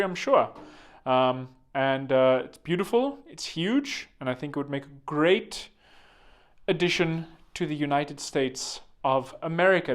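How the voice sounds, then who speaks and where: A man hosting a vlog with rambling comedic commentary, joking and digressing, full of fillers. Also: fairly high pitch. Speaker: vlog host.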